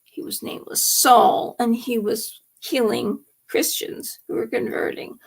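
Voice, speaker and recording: A woman with a gravelly, fry-laden voice, pitched a little high, delivers a rambling late-night monologue on her live stream. She talks slowly and with emphasis, now and then sinking into a hushed whisper. It sounds like a solo host speaking straight to her viewers. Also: steady tone.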